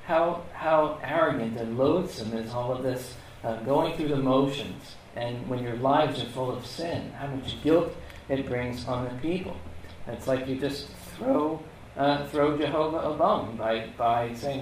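A man's voice: medium pitch, a little slow, slight background noise. A man teaching a Bible lesson in a casual, conversational way, asking rhetorical questions and often checking in with "okay?". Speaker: preacher. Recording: echoey room, mic at a distance.

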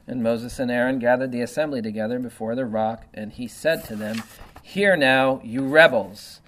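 A man leading an informal Bible study, reading scripture passages aloud and then explaining them in a relaxed, conversational way with frequent fillers and tag questions. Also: mid-range voice. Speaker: Bible teacher.

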